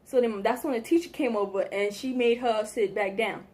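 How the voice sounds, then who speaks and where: A young woman casually telling a story to the camera, slangy and animated, acting out what people said. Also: fairly high pitch, normal speed. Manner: animated, slangy, acts out quotes. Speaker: vlogger.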